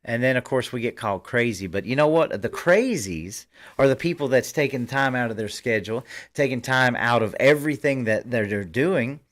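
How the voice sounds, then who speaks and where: A man's voice: mid-range voice, animated, moderate pace, a bit bright. A man hosting a political commentary livestream, talking fervently in rambling bursts with frequent restarts. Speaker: host.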